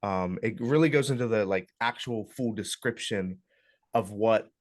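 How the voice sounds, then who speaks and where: A young man leading a club workshop in a casual, relaxed way, hesitating often with ums and uhs as he walks a group through game character options. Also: fairly low pitch, moderate pace, dry recording, studio quality. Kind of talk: casual classroom walkthrough. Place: classroom.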